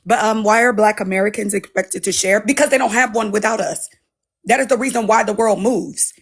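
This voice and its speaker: Husky woman lecturing emphatically. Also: mid-range voice, fairly quick. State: rough-voiced. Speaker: panel speaker. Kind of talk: casual panel opinion.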